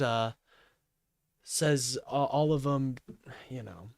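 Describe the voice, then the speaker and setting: A man's voice: medium pitch, slow pace, vocal fry, no room sound. Man, livestream rant, agitated, swearing, apologetic, dry close sound. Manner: agitated, profane, keeps apologizing. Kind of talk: ranting livestream commentary.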